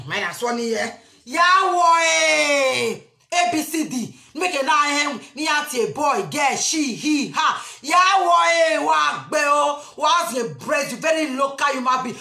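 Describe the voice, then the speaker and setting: A Nigerian woman, a spiritual vlogger, delivers an impassioned, emphatic rant to the camera, frequently breaking into shouts. Her voice is high and the sound is reverberant.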